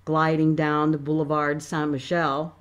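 A woman author reading her novel aloud in a measured, expressive way. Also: low voice, highs cut off.

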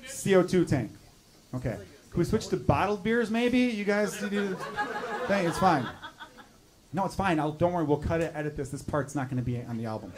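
A man from Chicago with a high voice, riffing loudly with a club audience during live stand-up. He swears often and his delivery is animated. Audience laughter rolls through the room behind him. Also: fairly quick. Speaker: stand-up comedian. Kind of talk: stand-up crowd work. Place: comedy club stage. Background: crowd laughing.

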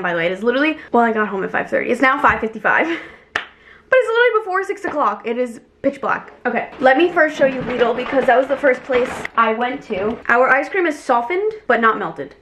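A bubbly woman vlogger chats casually to her camera, excited and talkative. Her voice sits a little high, with a faint hiss of noise behind it. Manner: bubbly, chatty, easily excited. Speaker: lifestyle vlogger. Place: shops, car and home kitchen. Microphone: camera mic, handheld then tripod.

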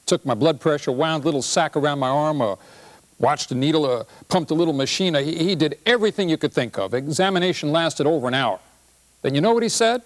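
A man's voice: on the high side, lively intonation, fast, pitched above the performer's own voice, lightly acted. A man reading a play aloud, voicing an indignant older man complaining about his doctor.

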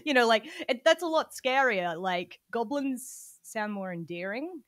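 A woman co-hosting a podcast in casual chat, playful and quick to joke. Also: on the high side, expressive, dry recording, studio quality. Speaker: podcast co-host.

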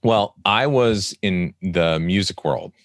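A man in his thirties hosting a podcast conversation, telling his story with lively acted-out asides. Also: deep voice, slow pace, no echo, studio quality. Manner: animated storytelling, acts out his own past remarks. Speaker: podcast production host. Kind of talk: casual interview conversation.

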